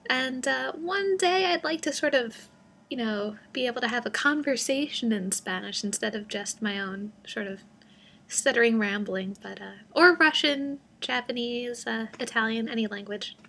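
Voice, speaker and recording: A woman's voice: on the high side, normal speed, creaky, a bit bright. A young woman talking casually to her camera in a rambling, self-deprecating way, full of fillers. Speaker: vlogger. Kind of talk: casual vlog monologue.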